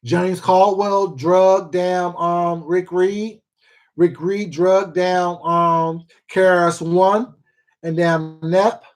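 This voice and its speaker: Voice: medium pitch, steady tone, very slow. A livestream host chatting casually to viewers, gossiping with lots of swearing and repeats and calling people baby and sweetheart. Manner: rambling, profane gossip with many repeats and fillers. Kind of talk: casual livestream chat reading viewer comments.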